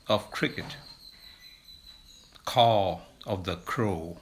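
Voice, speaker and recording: A man teaching vocabulary, slowly and deliberately listing words for animal sounds, lifting his voice on the sound words. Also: bright, forceful tone. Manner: slow, deliberate listing, lifts pitch to mimic sounds. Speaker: language teacher. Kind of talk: slow vocabulary lesson.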